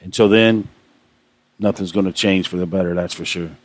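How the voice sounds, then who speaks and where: A man with a fairly low voice vents on his own radio show, repeating himself. He sounds outraged and impassioned. The recording is close and dry. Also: steady tone, moderate pace, no room sound. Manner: impassioned, aggravated, repetitive. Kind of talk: ranting monologue.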